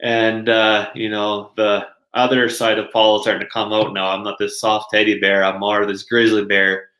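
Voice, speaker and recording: A man's voice: lowish voice, completely flat delivery, moderate pace, pushed and bright. A man, a podcast guest telling stories casually, laughing often and using many fillers. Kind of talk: casual storytelling. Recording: roomy echo.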